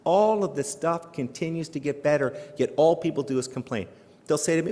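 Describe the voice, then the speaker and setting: A middle-aged man from Canada giving a humorous keynote speech, animated and joking, full of rhetorical questions, recorded live in a large hall before an audience. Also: fairly high pitch, normal speed. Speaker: keynote speaker. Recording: live hall with long reverb.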